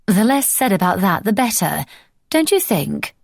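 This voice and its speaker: Brief: falsely gracious young society lady for an audiobook, bright and high-pitched, voiced by a woman narrator. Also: sing-song, moderate pace, vocal fry, no echo, studio quality. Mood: gushing, sly. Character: poised, scheming young Regency society lady. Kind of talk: audiobook character voice.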